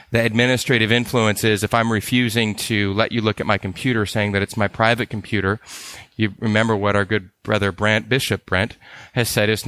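A man's voice: lowish voice, flat delivery, fairly quick, fairly bright tone, dry recording. Earnest man teaching in a dry close sound. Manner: earnest and conversational, with frequent restarts and repeated phrases. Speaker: ministry care trainer. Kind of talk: teaching talk.

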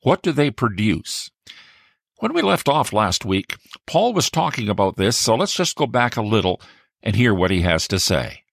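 Gravelly, husky male program host. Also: lowish voice, normal speed, dry recording, clean studio sound. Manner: calm, asks the listener questions. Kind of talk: program introduction.

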